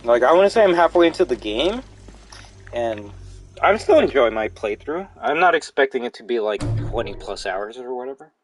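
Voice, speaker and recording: A young man streaming a horror game, rambling casually to chat with animated, profane commentary. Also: medium pitch, normal speed, soft background music. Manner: rambling, animated, swears freely. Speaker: gaming streamer.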